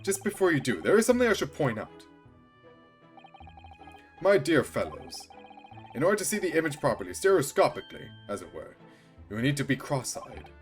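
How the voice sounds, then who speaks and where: A man playing a pompous eccentric gentleman detective, theatrical, formal, swooping pitch. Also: wildly swooping pitch, a little fast, pauses often, faint music behind.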